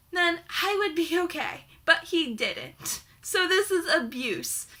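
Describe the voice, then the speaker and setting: A woman's voice: very high-pitched, lively intonation, measured pace, hardly any pauses, pushed and bright. A young woman reviewing a book in a heated, sarcastic rant, swearing constantly.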